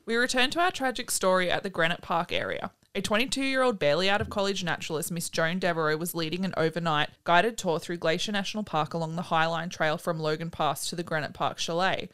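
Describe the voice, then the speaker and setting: A woman's voice: fairly low pitch, fast talker, hardly any pauses, fairly bright tone, smooth. A woman hosting a podcast, chatting casually and telling a story, swearing freely. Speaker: podcast host.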